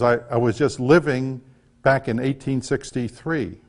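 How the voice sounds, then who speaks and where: With a medium-pitched voice and a slightly slow pace, an older man talks casually about his life as an author. The story is folksy and chatty, with a few small restarts.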